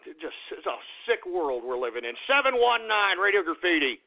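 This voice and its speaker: Gravelly high-voiced man ranting on a radio call-in show. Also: big pitch swings, a little fast. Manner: angry, swearing, exasperated. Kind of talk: profane call-in radio rant. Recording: tinny phone-like line.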